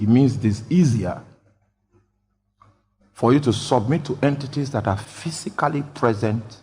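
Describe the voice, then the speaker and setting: A man preaching a sermon, jumping from loud shouted quotations down to quiet, low explanation. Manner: bursts into loud shouted quotes, then drops low. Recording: long hall reverb.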